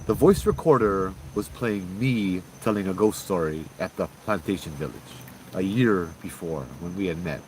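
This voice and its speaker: A man, hosting and telling a ghost story in a loose, conversational way, with fillers and sudden loud bursts. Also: low-pitched, moderate pace, slight background noise, rough recording. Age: 30s. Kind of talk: casual spoken ghost story.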